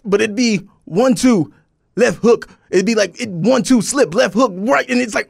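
Laid-back self-mocking male co-host, high voice, dry sound. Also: moderate pace, gravelly, no echo. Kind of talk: casual chat.

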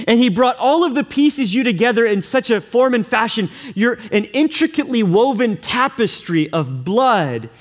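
A man's voice: very high voice, animated, normal speed, few pauses. A man preaching a sermon as a pastor, earnest and repetitive, often putting questions to his congregation.

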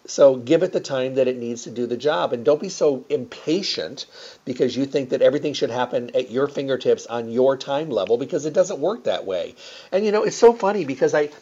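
A man's voice: medium pitch, animated, fairly quick, warm tone. A man talking casually in a mid-range voice, rambling on with plenty of fillers and restarts. The recording is slightly dull and lo-fi. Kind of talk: casual promotional talk.

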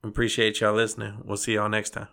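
A podcast co-host with a gravelly, bright, edgy voice. He ribs his partner in a laid-back chat and keeps tossing in "fool.". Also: on the low side, monotone, fast. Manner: teasing, calls people "fool". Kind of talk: casual chat.

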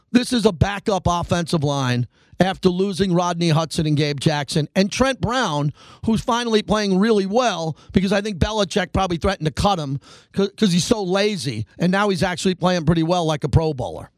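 A high-voiced man hosting a sports talk show, firing off a fast, emphatic monologue and hammering his points home by repeating them. The sound is dry and close to the mic, with no room around it. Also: no echo. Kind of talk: animated sports radio monologue.

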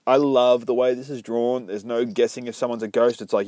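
A man's voice: mid-range voice, fairly even intonation, fairly quick, a little mellow, no echo. A man, rambling through a casual, profane comic book review. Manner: rambling, swears a lot, laughs between thoughts.

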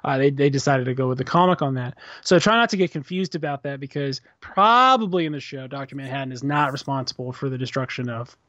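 A man's voice: medium pitch, expressive, fast, hardly any pauses, sharp tone, no echo. A man co-hosting a podcast in casual chat, explaining eagerly and chuckling as he recounts things. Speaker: podcast co-host. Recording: dry, dull lo-fi recording.

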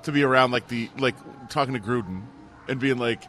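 A man co-hosting a sports radio show, excitable and quick to laugh as he tells stories. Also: medium pitch. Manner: excitable, laughs often, storytelling. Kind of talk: casual sports talk.

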